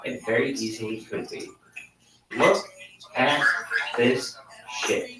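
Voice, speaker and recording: A man's voice: medium pitch, lively intonation, slow, echoey room, recorded from a distance, background noise. A young man doing over-the-top, profane, mock-grandiose hype commentary on a livestream.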